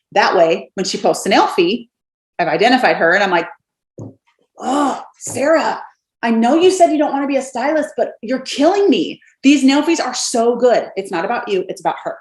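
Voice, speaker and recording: Chatty woman coaching in an echoey room. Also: mid-range voice. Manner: chatty and upbeat, acts out sample messages. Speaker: direct sales team coach. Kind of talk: casual coaching talk to camera. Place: home office.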